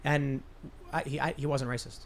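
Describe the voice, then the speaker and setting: A man's voice: medium pitch, level tone, normal speed, slight background noise. A man hosting a podcast, telling a long personal story in casual political talk, often restarting his sentences. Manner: rambling storyteller with frequent restarts. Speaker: podcast host.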